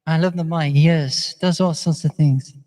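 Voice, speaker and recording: A man's voice: a little high, fairly even intonation, a little slow, heavy background noise. A man vlogging in a chatty, meandering way, often laughing as he talks. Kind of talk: casual rambling monologue. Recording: long echoing reverb.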